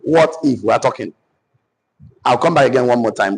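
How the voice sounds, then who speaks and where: A Nigerian man coaches a class in a husky, slightly breathy voice. He dictates his points phrase by phrase and says them over and over so his listeners can take notes. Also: mid-range voice, lively intonation, rough recording. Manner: repeats phrases slowly for note-taking. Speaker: business coach. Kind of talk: dictated teaching session.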